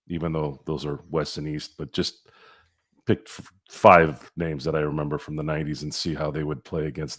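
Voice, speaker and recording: A man with an extremely deep, low voice co-hosts a sports podcast. He speaks bluntly and states strong opinions. He drops sarcastic asides into the casual chat. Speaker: podcast co-host.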